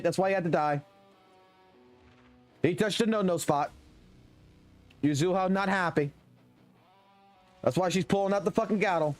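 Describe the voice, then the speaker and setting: A man streaming a game live, ranting with heavy swearing in an animated, excitable way. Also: fairly high pitch, brisk, long pauses, faint music behind. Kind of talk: profane live stream rant while gaming.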